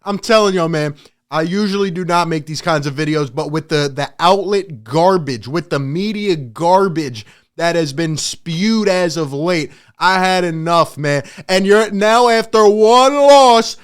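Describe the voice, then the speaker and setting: A man hosting a sports channel, ranting in emphatic, excitable commentary and laughing often. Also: fairly high pitch, a little slow, clear, resonant tone.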